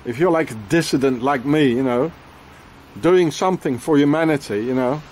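A man sits outside in the rain and rants to the camera in a rambling, angry way, peppering every phrase with "you know" and "eh?" and swearing freely. His voice sits a little high for a man. Faint traffic hums in the background. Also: normal speed, a little mellow. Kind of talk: rambling outdoor rant to camera. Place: outdoors in the rain.

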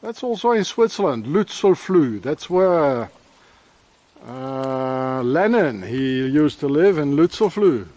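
Filmed outdoors on a handheld camera mic, a man vlogs a walking tour of castle ruins in a forest, rambling with muttered asides and slang. His voice is a little high and slightly mellow, very animated but slow, with no echo.

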